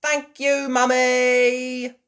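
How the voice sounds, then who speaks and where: A woman voicing an excited little girl piglet who squeals and exclaims loudly. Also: sits high, extremely slow, pitched above the performer's own voice, exaggerated voice.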